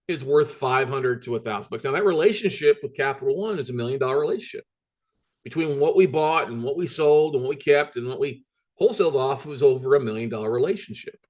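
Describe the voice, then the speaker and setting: A man's voice: fairly high pitch, a bit bright. Blunt guy running a workshop, repeats himself a lot to hammer points, swears a bit. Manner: emphatic, repetitive, blunt with mild swearing. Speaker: workshop host and note-buying coach. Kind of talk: recorded workshop lecture.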